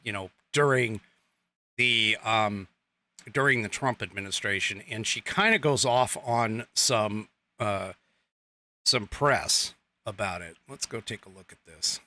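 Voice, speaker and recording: Man, podcast host, casual political commentary, bright tense voice, rambling, sarcastic asides, close mic. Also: lowish voice, unhurried. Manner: rambling with many fillers and restarts.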